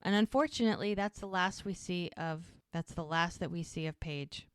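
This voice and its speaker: A woman's voice: lowish voice, normal speed, smooth, no echo, studio quality. A middle-aged woman co-hosting a podcast, chatting casually as she recaps a TV episode and retells the scenes. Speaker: podcast co-host. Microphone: podcast microphone.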